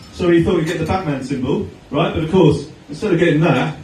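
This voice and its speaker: Middle-aged Australian comic with a high voice, deadpan delivery, taped far off in a very echoey, noisy room. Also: male voice, fast talker. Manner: chatty storytelling with deadpan punchlines. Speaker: stand-up comedian. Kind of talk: stand-up comedy set. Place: comedy venue stage with audience laughter.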